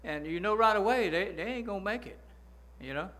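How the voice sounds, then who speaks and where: A man preaching a sermon, folksy, slowing down to stress his points and asking the congregation for agreement. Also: high voice, lively intonation, bright, forceful tone. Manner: slows down to stress key phrases. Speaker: pastor.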